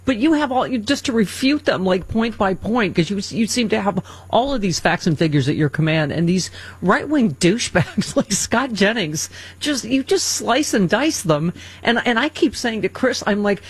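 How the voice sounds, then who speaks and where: Woman host, husky, lively pitch, excitable teasing chat. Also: normal speed, hardly any pauses. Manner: excitable, teasing, stumbling restarts. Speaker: podcast host. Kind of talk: casual chat.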